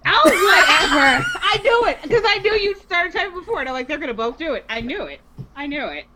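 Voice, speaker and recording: A woman's voice: sits high, animated, quick pace, a loud crowd. A woman player in a tabletop game stream, bantering and joking in a teasing, playful way on a noisy home mic. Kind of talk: casual banter among players.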